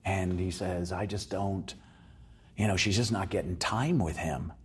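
A man's voice: deep voice, a little slow, slightly rough. A man telling a story as an interview guest, acting out the voices of the people in it.

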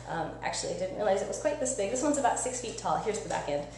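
A woman science educator runs a lively live-streamed teaching demo, energetic and chatty, often asking listeners "right?". She talks fast in a mid-range voice, and the echoey room carries a faint hum.

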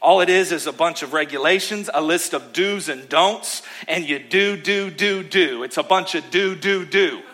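A male pastor preaching a sermon in church, emphatic, with rhythmic repetition, swinging between loud calls and hushed asides. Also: fairly high pitch, moderate pace, few pauses.

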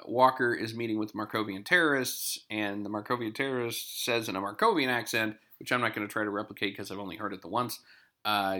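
A man's voice: lowish voice, bright, forceful tone. A man casually recapping a TV episode, chatty and digressive, with wry asides.

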